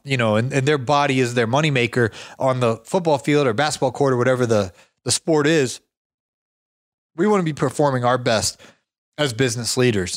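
A man hosting a podcast, giving business advice in a chatty, energetic way with frequent chuckles and storytelling asides. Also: medium pitch, dry recording, clean studio sound. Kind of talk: casual motivational talk with anecdotes.

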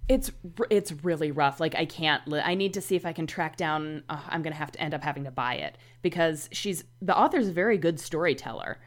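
A woman's voice: deep voice, brisk, few pauses. A woman chatting casually about books, rambling with lots of fillers.

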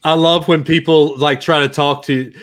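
A man's voice: on the high side, steady tone, normal speed. An American man in his thirties hosting a casual chat, joking and laughing often. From United States. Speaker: podcast host.

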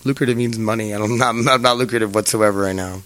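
A man's voice: fairly low pitch, steady tone, quick pace, fairly bright tone, dry recording. A young man hosting a podcast in a rambling casual chat, swearing and laughing as he talks. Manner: rambling, profane, laughs often. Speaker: podcast host.

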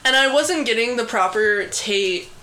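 A young woman co-hosting a loose, joking podcast with a bright, forward tone. She is playful and giggly and slips into silly voices easily. A faint background hiss sits under the voice. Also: fairly high pitch, animated, a little slow, low-quality recording. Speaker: podcast co-host. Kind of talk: casual chat.

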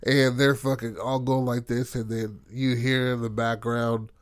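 A man's voice: mid-range voice, a little slow, smooth, no echo, clean studio sound. A man casually retelling a tabletop game session, swearing freely and acting out the characters' lines. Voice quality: profane, animated, acts out characters' lines. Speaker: storyteller recounting a tabletop game. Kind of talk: casual storytelling chat.

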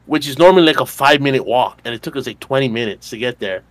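Young man, podcast co-host, casual profane storytelling, lots of fillers, mid-pitched voice, dry close sound. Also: expressive, fast, a bit bright, dry recording. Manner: rambling, profane, filler-heavy retelling with laughs.

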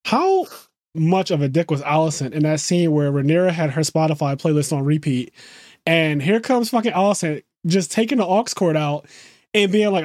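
A young adult man chatting casually as podcast co-host, animated and profane. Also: fairly high pitch, fairly quick, dry recording, clean studio sound. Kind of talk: casual chat.

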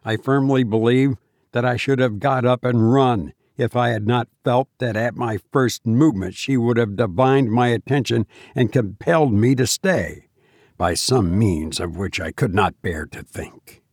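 A man reading a ghost story aloud in a measured, low-key storytelling manner. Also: a little mellow, no room sound, clean studio sound. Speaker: narrator.

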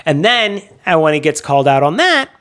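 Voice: medium pitch, sing-song, brisk, a bit bright. A podcast co-host in a casual movie discussion, talking in a chatty, digressive way.

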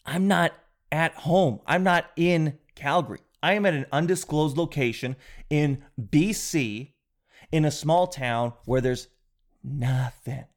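Animated joking male podcast host. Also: on the high side, slow pace. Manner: animated, rambling, jokey storytelling. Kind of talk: comedic podcast monologue.

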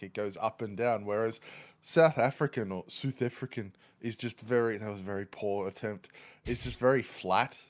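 Easygoing Australian man, mid pitch. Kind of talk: casual chat.

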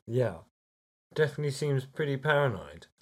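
Man, tabletop player, easygoing, amused, mid-pitched voice. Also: animated, measured pace, husky. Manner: easygoing and amused, often laughing. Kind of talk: casual tabletop role-play.

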